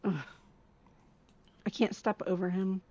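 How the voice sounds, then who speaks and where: A woman's voice: mid-range voice, little pitch movement, measured pace, dark tone, no echo, lo-fi sound. A woman playing a tabletop game, playful and groaning at setbacks. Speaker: player. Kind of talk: casual tabletop play.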